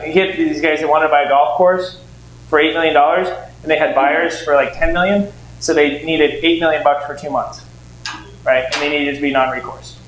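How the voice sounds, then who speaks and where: A man in his forties teaching a live seminar room, telling animated stories and acting out dialogue with shifting voices. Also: a little high. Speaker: real estate investing trainer. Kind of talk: storytelling lecture to a live audience. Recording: echoey room with faint background noise.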